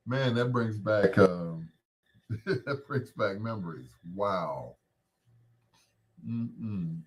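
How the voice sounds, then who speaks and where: A man around 60 hosting a casual chat, rambling in a relaxed way and greeting viewers by name. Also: fairly low pitch, very slow, pauses often. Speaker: host.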